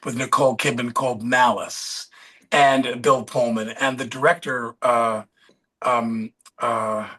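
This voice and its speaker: Bright, husky male storyteller. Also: medium pitch, steady tone, measured pace. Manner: rambling, searches for names mid-story. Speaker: podcast guest. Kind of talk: anecdotal interview storytelling.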